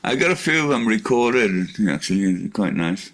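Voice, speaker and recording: Gravelly older man. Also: fairly low pitch, very animated, normal speed, a little hiss or hum. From Australia. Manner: swears freely, acts out phone calls in mocking voices. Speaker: regular of the group chat. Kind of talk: casual chat among friends.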